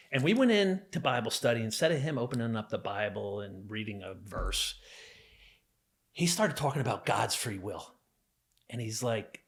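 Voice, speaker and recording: A man's voice: on the low side, lively intonation, moderate pace. A man from New Jersey, a podcast guest, telling his own life story in a casual, earnest way, full of fillers and acted-out quotes.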